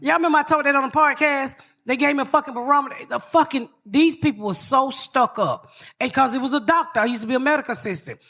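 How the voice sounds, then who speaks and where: A woman's voice: high voice, quick pace, a bit bright. A woman podcast host telling profane comic stories on a live stage, brash and blunt, laughing through her tales.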